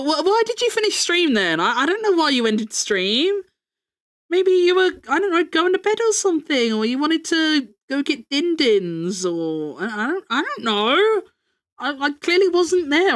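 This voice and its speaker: A woman's voice: sits high, big pitch swings, normal speed. A young woman streamer chatting casually, rambling, joking about herself and swearing freely.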